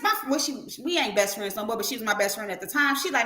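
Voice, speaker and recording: A middle-aged woman hosting a livestream tells a story in a casual way, animated and profane, acting out the quotes as she goes. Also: on the high side, fast, hardly any pauses, echoey room. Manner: animated, profane, acts out quotes in her telling. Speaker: livestream host.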